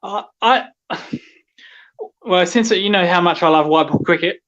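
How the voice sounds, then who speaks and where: A man's voice: high-pitched, measured pace, a bit bright. A man hosting a podcast, chatting casually and hesitantly about cricket. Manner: hesitant, lots of ums and agreeing. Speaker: podcast host. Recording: dull, muffled lo-fi sound.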